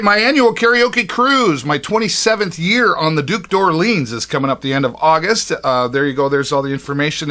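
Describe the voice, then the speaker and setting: A man's voice: a little high, pushed and bright. A man hosting a local community TV show in a chatty, upbeat way, often saying "all right" and "uh".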